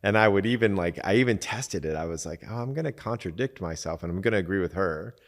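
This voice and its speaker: A man with a very low voice talks loosely about relationships, the way a coach teaches, using lots of "like" and acting out little quoted conversations. His voice rings with a long reverb tail. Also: expressive, quick pace. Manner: conversational, acts out quoted exchanges, many fillers. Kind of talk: casual teaching talk.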